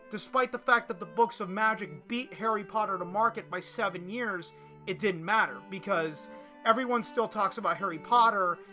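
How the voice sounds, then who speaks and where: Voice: mid-range voice, sharp tone. A podcast host delivering an opinion monologue and reading articles aloud, often restarting and repeating words.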